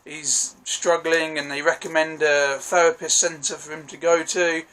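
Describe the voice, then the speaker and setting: A man's voice: a little high, flat delivery, measured pace, sharp tone, low-quality recording. A man gives a casual, rambling and enthusiastic spoken review of a TV episode, often correcting himself mid-sentence. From United Kingdom. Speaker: TV review vlogger.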